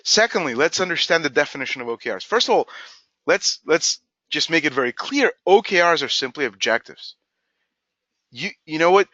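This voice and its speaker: Bright, emphatic man presenting a webinar. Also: a little high, a little fast, dry recording, highs cut off. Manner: energetic, emphatic, acts out quoted dialogue. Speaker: company CEO presenting a webinar.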